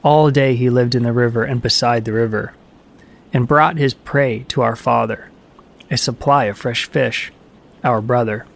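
A grieving young farmer's son from a storybook myth, outraged at a brother's death, as a man voices him. He speaks low and solemnly. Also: fairly even intonation, moderate pace, creaky.

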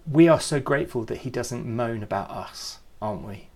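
A man who leads youth ministry, giving an earnest, reflective devotional talk with gentle emphasis. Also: lowish voice, lively intonation, moderate pace, few pauses, slightly rough.

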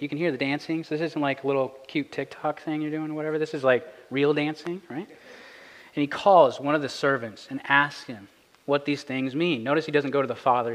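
A man in his thirties preaching a sermon as pastor, conversational and earnest, rising in pitch for emphasis. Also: a bit bright, big-room sound, rough recording. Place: church sanctuary.

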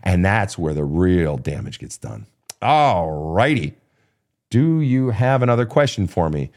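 A man's voice: low-pitched, big pitch swings, a little slow, a little mellow. A middle-aged man, a relationship counselor hosting his show, giving blunt, profane, emphatic advice in a casual monologue. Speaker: relationship counselor and podcast host.

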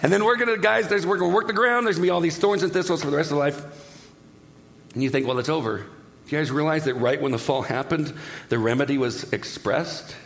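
A man preaching a sermon in an animated, joking way, talking straight to the congregation. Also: on the high side, quick pace, gravelly. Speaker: pastor.

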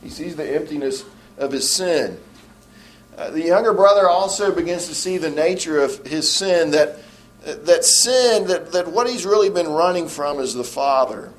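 A male pastor preaching a sermon, often restarting his phrases and slowing to stress key words, letting sentence ends fall low and quiet. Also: animated.

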